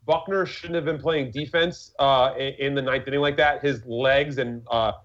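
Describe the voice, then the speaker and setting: A man's voice: mid-range voice, fairly even intonation, normal speed, a bit bright. A man in casual podcast chat, rambling with many fillers, restarts and swearing. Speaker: podcast co-host. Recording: lo-fi muffled audio.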